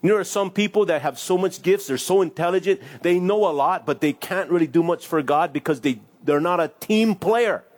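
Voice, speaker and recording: A man's voice: high voice, brisk, hardly any pauses, a little mellow. A man giving a casual, conversational sermon as a pastor, reading scripture and acting out little voices with laughs.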